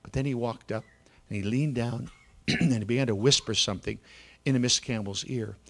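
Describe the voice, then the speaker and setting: Dramatic male church storyteller. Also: mid-range voice. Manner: dramatic storyteller, shifts between hushed and loud, slows for effect. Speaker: preacher telling a children's story.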